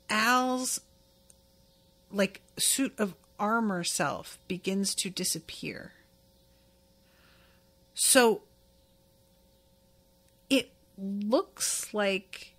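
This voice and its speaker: Slow, chatty woman podcast host. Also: medium pitch, fairly bright tone. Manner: chatty, candid, swears casually. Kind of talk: casual episode recap.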